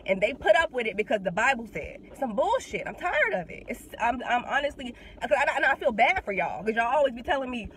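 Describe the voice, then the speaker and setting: A woman's voice: a little high, brisk, hardly any pauses, a little hiss or hum, low-quality recording. A young woman, talking bluntly and with heavy swearing in a casual monologue while getting over a cold. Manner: blunt, profane, animated. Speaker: vlogger. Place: in a car.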